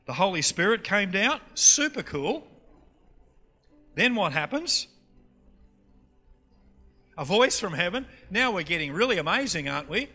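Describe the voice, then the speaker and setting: Lively North Queensland preacher, bright voice. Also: sits high, a little slow, pauses often. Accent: North Queensland Australian. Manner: animated, quizzes the audience with questions. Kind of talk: sermon teaching session. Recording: long hall reverb, faint music.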